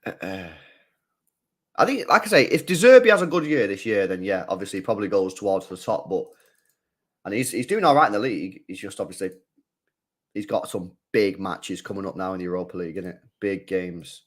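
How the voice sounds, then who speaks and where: A man's voice: deep voice, animated, brisk. Rambling man on a livestream. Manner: chatty and rambling, repeats his phrases for emphasis. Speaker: football watchalong streamer. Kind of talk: casual live-stream chat.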